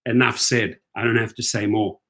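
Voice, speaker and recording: A man's voice: on the low side, flat delivery, normal speed, fairly bright tone. A man hosting a rideshare video channel, delivering an indignant commentary rant, repeating himself and checking in with "right?". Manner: indignant, repetitive, keeps asking "right?".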